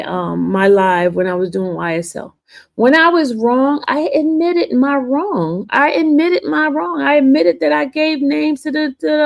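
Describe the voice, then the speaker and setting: A woman hosts a casual livestream and talks straight to her viewers. Her voice sits fairly high, and she sounds animated and defensive, with frequent laughter. She calls her audience y'all throughout. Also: creaky. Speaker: livestream host.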